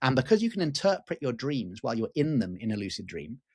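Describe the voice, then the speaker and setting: A man in his forties, a guest teacher, telling a personal story in an animated, candid way with casual swearing and fillers. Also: medium pitch, quick pace, slightly rough. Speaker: guest, lucid dreaming teacher.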